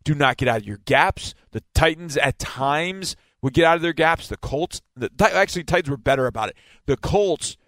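A man's voice: on the high side, lively intonation, moderate pace, a bit bright, no room sound. A man giving a casual football breakdown, explaining and stressing key words again and again. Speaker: football analyst.

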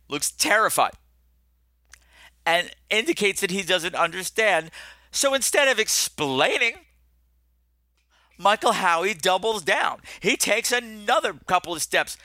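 A man hosting a podcast, telling a comic story in an animated way, swinging his pitch and pace widely. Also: takes it slowly, long pauses, no room sound, clean studio sound. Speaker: podcast host.

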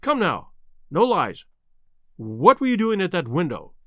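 A man's voice: sits high, big pitch swings, unhurried, bright, forceful tone, dry recording, clean studio sound, full character voice. A man doing a stern commanding baronet. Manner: stern, demanding.

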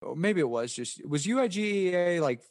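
A man's voice: high-pitched, lively intonation, normal speed, dry recording, studio quality. A man from West Virginia with a Southern accent, a poker player answering interview questions in a rambling, casual way. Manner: rambling, many restarts and fillers.

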